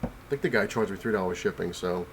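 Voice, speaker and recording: A man's voice: low-pitched, fast talker, background noise. Sick, breathless man rambling about comics. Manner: rambling, full of fillers and restarts. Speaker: comic collector vlogger. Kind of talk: casual rambling vlog. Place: home, on the couch.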